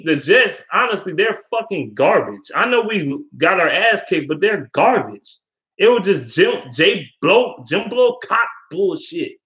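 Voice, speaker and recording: A young sports fan vlogger with a high, fairly bright voice goes on a casual, heated rant about sports. He swears a lot and rambles between points.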